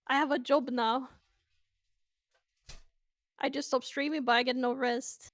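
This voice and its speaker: A woman's voice: sits high, flat delivery, a little slow, long pauses, dry recording, studio quality. A woman from Sweden with a Swedish accent, chatting playfully and casually with stream viewers over a voice call. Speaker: guest on a stream.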